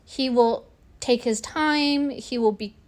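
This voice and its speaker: A woman in her forties, speaking a little higher than most, tells a personal story to camera. She sounds indignant and animated and acts out the lines people said to her. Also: takes it slowly. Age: 40s. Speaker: vlogger. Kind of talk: casual storytelling monologue.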